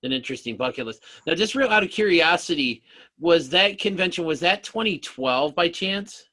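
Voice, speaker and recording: A man's voice: fairly high pitch, lively intonation, normal speed, bright, forceful tone. A man hosting a casual interview, asking questions politely and apologizing when he interrupts. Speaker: host.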